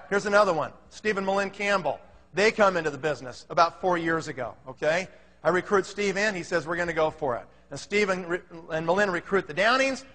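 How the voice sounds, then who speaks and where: A man delivers an energetic motivational talk from a conference stage, telling stories and checking in with his audience again and again. His voice sits high and sounds bright and forceful. The sound carries a long reverb from a large hall. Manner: energetic storyteller, keeps checking in with the crowd. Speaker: company leader speaking at a business conference.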